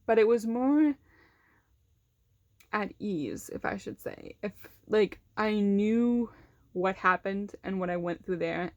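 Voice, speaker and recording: A woman's voice: mid-range voice, no room sound, studio quality. A young woman casually telling a personal story, with lots of fillers, who brings in the other people's lines by acting them out. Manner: conversational, many fillers, acts out quoted voices.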